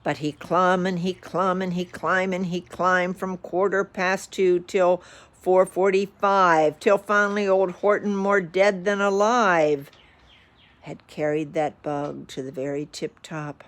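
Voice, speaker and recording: A woman reading a rhyming picture book aloud with lively expression. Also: on the low side, slow pace. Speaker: storyteller.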